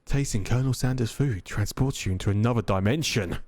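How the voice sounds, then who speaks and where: A man streaming a dating game, reading the narration aloud and tossing in animated, casually profane asides. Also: mid-range voice, fairly quick, no room sound, faint music behind.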